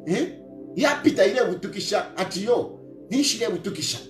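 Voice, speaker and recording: A middle-aged Zambian opposition politician with a Zambian accent scolds an opponent in a lecturing monologue, repeating his points and phrases and mixing local words into his English. His high voice has lively intonation and a quick pace, recorded with roomy echo and faint music.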